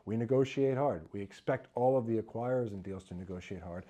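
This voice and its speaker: A middle-aged man gives quick-fire advice on business deals. His voice is mellow and relaxed. He hammers points home with repeated lists and little acted-out quotes from buyers. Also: on the low side. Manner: emphatic, repetitive lists, acts out buyers' quotes. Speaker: M&A advisor. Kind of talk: talking-head business advice.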